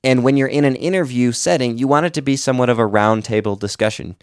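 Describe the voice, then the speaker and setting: A man's voice: medium pitch, quick pace, clean tone, no room sound, studio quality. A man and podcast host giving casual, conversational advice on editing, explaining with examples. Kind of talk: casual instructional talk.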